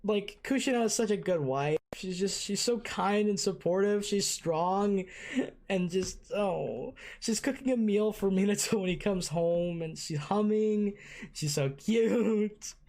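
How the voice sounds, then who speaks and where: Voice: mid-range voice, measured pace, darkish tone. Gushing, foul-mouthed anime reaction host. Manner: gushing, emotional, swears freely. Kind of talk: casual reaction commentary.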